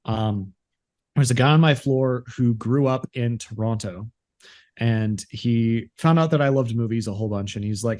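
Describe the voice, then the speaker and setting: A young adult man in casual chat as podcast co-host, speaking haltingly with many fillers and repeated words. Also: mid-range voice, fairly even intonation, darkish tone.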